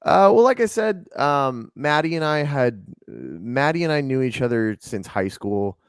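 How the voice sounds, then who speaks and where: A man's voice: medium pitch, big pitch swings, normal speed, smooth, dry recording, clean studio sound. A man from Atlanta, a band's lead singer, chatting casually in an interview with a rambling, laid-back way of talking full of ums and likes. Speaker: lead singer and band guest.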